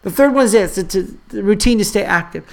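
A man preaches a sermon with a rough, gravelly texture. He drives points home by repeating them, then slides into chatty, offhand asides to the congregation. He sounds like a pastor with young kids at home. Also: high voice, lively intonation, fast talker. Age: adult father of young children. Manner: emphatic, repeats key phrases for the congregation; conversational asides and fillers.

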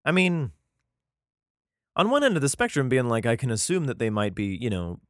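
A man's voice: medium pitch, wildly swooping pitch, moderate pace, fairly bright tone, no echo, clean studio sound. A man reading old scripture aloud at home, breaking off into irreverent, heavily profane joking commentary.

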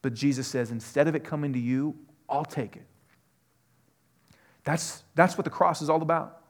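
A man preaching a sermon, earnest, moving from quiet questions to loud, emphatic passages. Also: on the high side, normal speed. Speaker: pastor.

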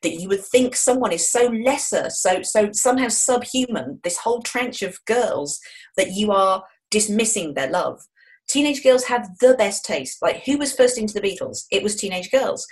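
A woman in her forties, a guest in an interview, telling stories in a frank, jokey, lively way. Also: medium pitch, normal speed. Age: 40s. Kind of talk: interview chat.

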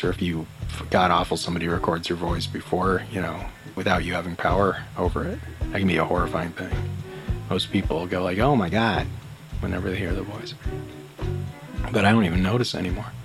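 Low-voiced, calm, rambling male podcast host. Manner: calm, rambling, self-amused, with many fillers. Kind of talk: casual solo monologue. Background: background music.

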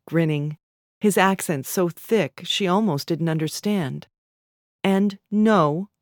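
A woman narrating literary fiction in a measured, even storytelling manner. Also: lowish voice, no echo, clean studio sound.

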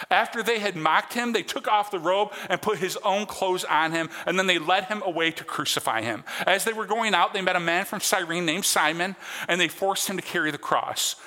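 A male pastor with a notably high, bright voice delivers an earnest sermon in a conversational way. His words carry a long reverb from a large church sanctuary. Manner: earnest, conversational preaching with check-ins to the congregation.

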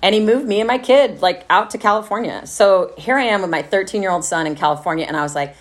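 A woman's voice: medium pitch, fast. A middle-aged woman from Texas, telling a personal story to a live audience in a candid, wry way, often laughing and saying "like". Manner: candid, wry, laughs through dark memories, many fillers like "like".

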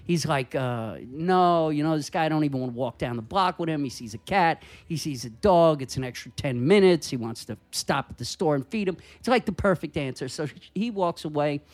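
A man guest on a comedy podcast telling a story casually, animated and profane, acting out the voices of the people in it. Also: on the high side, a little fast, hardly any pauses. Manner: animated, profane, acts out dialogue.

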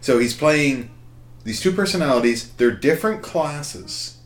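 A man's voice: on the high side, expressive, measured pace. Rambling storyteller guy, echoey room. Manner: rambling storyteller, laughs often. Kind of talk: casual crude chat among friends. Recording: echoey room with faint ambience.

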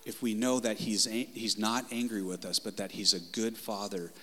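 A man's voice: on the low side, steady tone, normal speed, in a large hall. Passionate male pastor preaching. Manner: passionate, conversational, swings loud and soft. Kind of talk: sermon. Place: church sanctuary.

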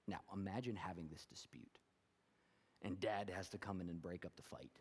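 A man's voice: fairly low pitch, fairly quick, big-room sound. A man preaching a sermon as pastor, talking earnestly and rising to fervent emphasis.

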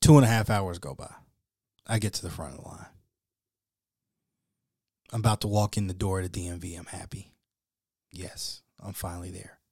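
Slangy guy telling a story on his podcast, wry and lively, dry close sound. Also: deep voice, a little fast, long pauses, dry recording. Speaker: podcast host. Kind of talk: casual solo storytelling.

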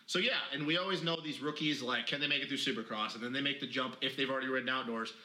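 Fast, emphatic man talking racing. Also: medium pitch, bright, forceful tone, roomy sound, low-quality recording. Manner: fast, emphatic, swears freely. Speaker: podcast co-host. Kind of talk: casual motocross chat.

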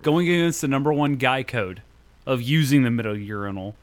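A man hosting a party game among friends, blunt and animated, swearing freely. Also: mid-range voice, a little fast, crowd noise. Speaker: game host. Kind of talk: casual chat, party game.

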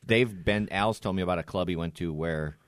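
A man's voice: deep voice, fairly quick, no room sound, studio quality. A man co-hosting a podcast, cracking jokes and telling anecdotes in casual banter. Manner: wisecracking, animated anecdote teller. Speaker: podcast co-host.

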